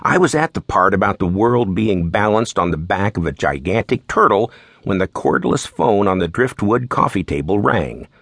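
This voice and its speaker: A man narrating a mystery novel in the first person, in a relaxed, wry storytelling manner. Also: fairly low pitch, normal speed, creaky, slightly rough, no echo, clean studio sound. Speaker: audiobook narrator.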